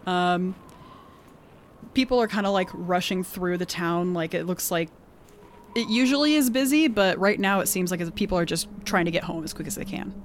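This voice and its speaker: Animated woman with an accent recapping a game. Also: fairly low pitch, normal speed, slight background noise. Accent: non-standard accent of her own. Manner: animated, laughing often, heavy use of "like". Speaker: podcast co-host recapping a tabletop game. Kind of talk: casual storytelling chat.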